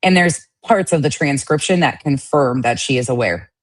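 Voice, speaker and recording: A woman's voice: very deep voice, moderate pace, no echo. A woman co-hosting a podcast, speaking bluntly and dismissively in casual commentary. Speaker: podcast co-host.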